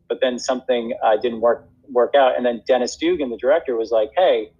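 A man chatting in an interview, halting and full of restarts, often breaking into laughter. His voice sits in a middle register. The recording sounds dull and lo-fi. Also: mid-range voice, a little mellow. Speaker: actor and acting teacher. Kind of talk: casual interview chat.

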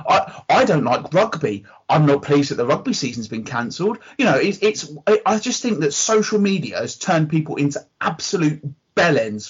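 On dull, lo-fi podcast audio, an Englishman co-hosting the show goes off on opinionated rants in casual conversation. His voice sits on the high side with a slightly rough quality, and he is very talkative.

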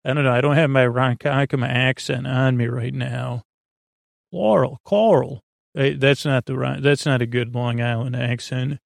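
A man hosting a sleep podcast, rambling in a slow, meandering way full of fillers and restarts. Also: mid-range voice, flat delivery, creaky, no echo, clean studio sound. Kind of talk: rambling bedtime podcast chat.

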